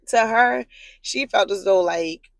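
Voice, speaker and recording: A woman telling a long personal story to camera in a loose, rambling way, leaning on filler words and cursing bluntly. Her pitch sits at an ordinary middle, but she leaps higher when she gets worked up. The sound is dry and close. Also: measured pace, no room sound, low-quality recording. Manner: animated, jumps high in pitch when worked up. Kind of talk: casual storytime monologue.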